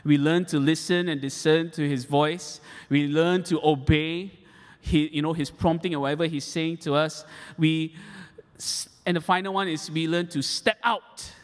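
Pastor preaching in a hall. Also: male voice, a little high, steady tone, normal speed. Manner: repeats key points for emphasis. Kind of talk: sermon. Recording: echoey hall.

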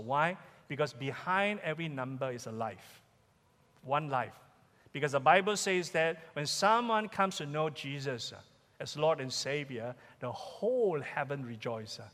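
Malaysian-accented male pastor, high voice, emphatic sermon delivery, long hall reverb. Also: fairly bright tone. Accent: Malaysian English. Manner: emphatic, repeats key questions. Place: church sanctuary.

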